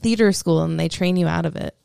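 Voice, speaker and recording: A woman's voice: fairly low pitch, fairly quick, creaky, mellow, clear, resonant tone, no echo. A woman with a faint Brooklyn accent, co-hosting a podcast with dry remarks and stories. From Brooklyn, New York. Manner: dry, wry remarks, storytelling. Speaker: podcast co-host. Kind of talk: casual podcast chat.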